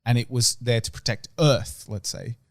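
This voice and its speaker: A young man in casual podcast chat, rambling and sweary, with his voice sinking at the ends of phrases. His pitch sits in the middle, and the sound is close and dry with no room around it. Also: normal speed, no room sound. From Australia. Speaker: podcast co-host.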